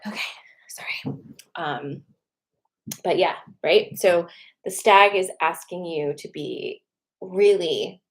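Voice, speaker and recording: A woman with a slightly low voice talks viewers through a casual card reading. She is chatty and encouraging and often checks in with "okay?" and "right?". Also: takes it slowly, long pauses. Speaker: tarot card reader and host.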